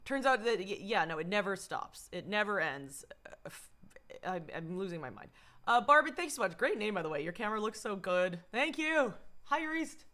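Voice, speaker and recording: A young adult woman livestreaming with a slightly hoarse voice, rambling and swearing casually while she greets her chat. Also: mid-range voice, big pitch swings, normal speed, pushed and bright.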